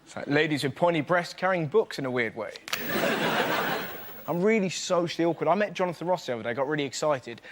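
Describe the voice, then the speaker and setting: Excitable high-voiced comedian. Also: male voice. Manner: fast, animated, with loud silly voices for punchlines. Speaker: comedian panelist. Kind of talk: stand-up routine on a TV panel show. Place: TV studio with live audience. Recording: noisy broadcast audio with audience laughter.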